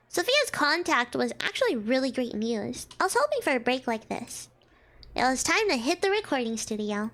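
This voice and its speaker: A woman's voice: sits high, a bit bright. A young woman streamer chatting and giggling while she reads a visual novel aloud, switching between reading and reacting.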